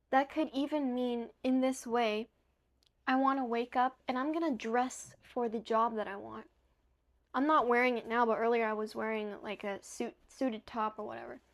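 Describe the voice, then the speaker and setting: A young woman talking straight to the camera, giving earnest, emphatic motivational advice and sometimes correcting herself mid-word; she sounds a little tired. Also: fairly high pitch. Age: young adult.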